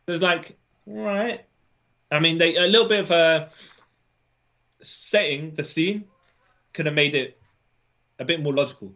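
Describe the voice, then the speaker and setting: Guy on a podcast going over a comic, kinda high voice, dull lo-fi audio. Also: a little slow, long pauses, bright, forceful tone. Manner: chatty, acts out character lines. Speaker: podcast co-host. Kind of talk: casual chat recapping a comic.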